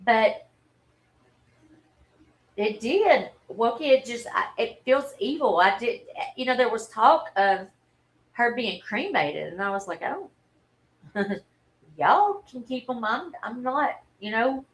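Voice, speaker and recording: A woman, telling a personal story in a halting, earnest and openly emotional way on a livestream. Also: a little high, lively intonation, rough recording. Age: 40s. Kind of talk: candid personal livestream talk.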